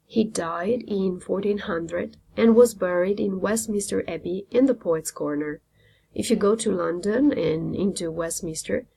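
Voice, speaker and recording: A woman's voice: mid-range voice, gravelly, dark tone, husky. A woman teacher, a native Italian speaker, explaining a literature lesson step by step with frequent ums. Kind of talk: classroom lecture.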